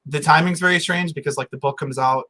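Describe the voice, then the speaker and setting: Laid-back man, bright voice, lots of "like". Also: a little high, fast, slight background noise. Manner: laid-back, full of "like" and fillers. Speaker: guest author. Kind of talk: casual chat.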